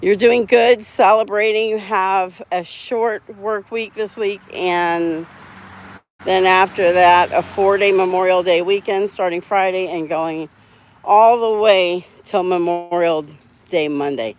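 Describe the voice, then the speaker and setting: A woman's voice: medium pitch, steady tone, takes it slowly. A woman hosting a casual live stream while walking her dogs outside, chatting to viewers and laughing often. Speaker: dog channel host. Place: outdoors on a sidewalk.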